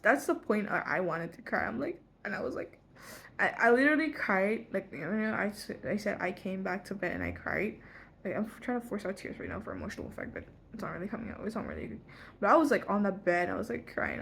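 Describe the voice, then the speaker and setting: A teenage girl in a casual vlog, telling a long story in a rambling way, full of "like" and quick self-corrections. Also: medium pitch, expressive, gravelly, a bit bright, husky. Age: teens. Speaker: vlogger. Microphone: front phone camera.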